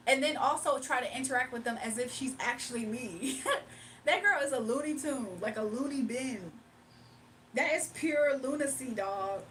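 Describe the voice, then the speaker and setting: A woman talking casually on her livestream, animated and mocking, reading chat aloud, laughing often, drawling and slangy. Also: high-pitched, normal speed, recorded from a distance, a little hiss or hum.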